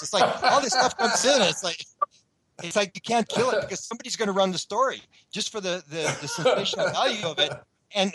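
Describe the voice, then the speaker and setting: A man's voice: on the high side, a bit bright, no echo, low-quality recording. A man being interviewed on a radio show, talking at length in a rambling way with many restarts. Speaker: guest researcher.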